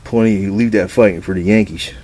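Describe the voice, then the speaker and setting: A man's voice: fairly low pitch, fairly even intonation, brisk, a little mellow, a little hiss or hum. Rambling man coaxing his cats. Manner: coaxing pet talk mixed with rambling asides and casual swearing. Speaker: cat owner filming his cats. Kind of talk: casual rambling monologue.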